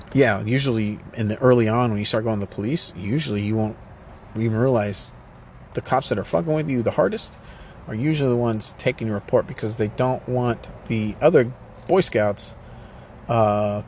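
A man's voice: medium pitch, darkish tone, slight background noise. A man ranting urgently in a casual, rambling way, swearing often and circling back to repeat his points. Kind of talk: casual rant to camera.

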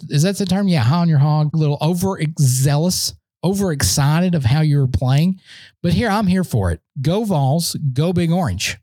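Guy, excitable podcast fan rant, slightly high voice but mellow tone, dry close sound. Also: no room sound. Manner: excitable, boastful fan banter. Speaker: sports podcast host. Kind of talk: solo sports podcast rant. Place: indoor room, standing.

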